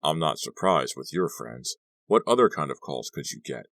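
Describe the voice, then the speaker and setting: A man voicing a gruff middle-aged police officer father who speaks in a businesslike drawl, recorded dry and close. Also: extremely low pitch, big pitch swings, normal speed, a bit bright, no echo, exaggerated voice.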